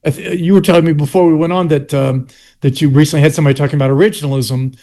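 A man's voice: a little high, fairly even intonation, racing, mellow. An older man from South Carolina with a Southern US accent, a history teacher explaining his argument in an interview with restarts and pointed asides.

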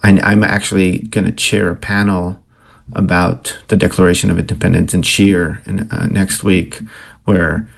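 A man's voice: deep voice, flat delivery, moderate pace, vocal fry. A man hosting an interview, giving brief, agreeable prompts and asking questions. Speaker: interview host. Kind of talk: casual interview.

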